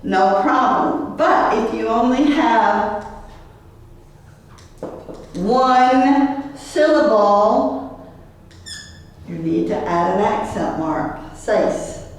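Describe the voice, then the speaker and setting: A woman's voice: fairly high pitch, animated, very slow, pauses often, slight background noise. A woman teaching a Spanish class, patiently modeling words and having the class repeat them. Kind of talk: classroom language lesson. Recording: echoey room, mic far off.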